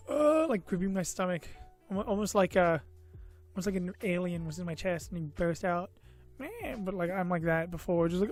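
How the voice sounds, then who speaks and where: A man's voice: high voice, darkish tone. A man telling a personal story on his vlog, tired and a bit loopy, meandering with lots of fillers and self-mocking asides. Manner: meandering, full of "you know" and "uh", self-mocking. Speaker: vlogger. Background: faint background music.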